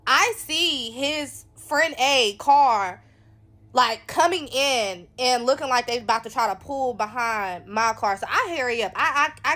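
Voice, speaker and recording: Woman, kinda high voice, talking straight to the camera about what happened to her, chatty and candid. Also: bright, forceful tone. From North Carolina, USA. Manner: candid, conversational, addresses viewers as y'all. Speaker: storyteller recounting her own experience. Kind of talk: casual first-person storytelling to viewers.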